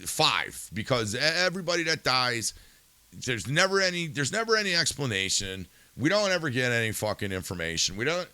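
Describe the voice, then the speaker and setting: Bright, dry-voiced man ranting angrily. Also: medium pitch, sing-song, normal speed, no echo. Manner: angry, swearing, rhetorical questions; subdued and somber. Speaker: podcast host. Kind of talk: profane ranting monologue.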